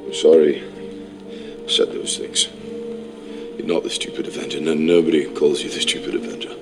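A remorseful hero who apologizes softly in a very deep, gravelly voice. He sits back from the mic, with film music playing clearly behind him. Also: level tone, normal speed. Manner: soft, apologetic. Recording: distant film clip with music.

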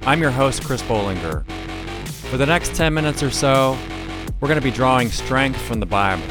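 A man's voice: medium pitch, expressive, normal speed, over music. A middle-aged man hosting a devotional podcast, explaining things earnestly. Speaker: podcast host.

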